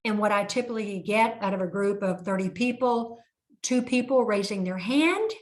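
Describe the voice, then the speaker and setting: Older lady running a bank training webinar, chatty, acts out little scenes, medium pitch. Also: moderate pace. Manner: lively, anecdotal, acts out dialogues.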